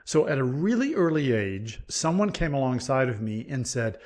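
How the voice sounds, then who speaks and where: A man's voice: medium pitch, sing-song, normal speed, hardly any pauses, a little mellow. A man born in Scotland, speaking as a leadership coach guest, earnest and storytelling on a remote call. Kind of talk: conversational interview. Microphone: remote call mic.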